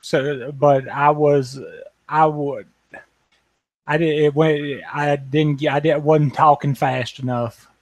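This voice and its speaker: A man's voice: fairly high pitch, little pitch movement, slow pace. Stumbling man restarting his sentences. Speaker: player.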